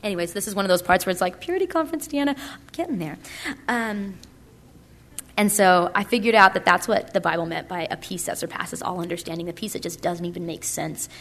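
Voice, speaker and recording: A woman's voice: on the low side, little pitch movement, fairly quick, creaky, a bit bright. A young woman giving a casual, chatty personal testimony at a conference, full of likes and ums. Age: young adult. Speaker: speaker at a purity conference.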